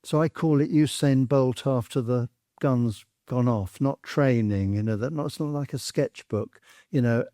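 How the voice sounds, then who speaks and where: Older guy in his 70s, dark mellow voice, rambly and halting, dry sound. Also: medium pitch, no echo. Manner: rambling, hesitant phrasing with fillers. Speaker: guest artist. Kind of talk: conversational talk.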